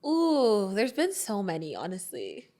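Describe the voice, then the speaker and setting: A woman's voice: medium pitch, measured pace. A young woman co-hosting a podcast, chatting casually and telling a story with lots of laughs. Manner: animated storyteller, laughs often. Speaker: podcast co-host. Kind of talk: casual chat. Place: indoors, podcast recording.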